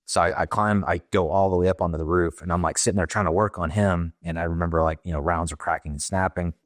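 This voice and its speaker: Very deep-voiced former Marine telling a story. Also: male voice, fairly even intonation, dry recording, studio quality. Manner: plain, halting retelling with many fillers and quoted dialogue. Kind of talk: casual storytelling in conversation.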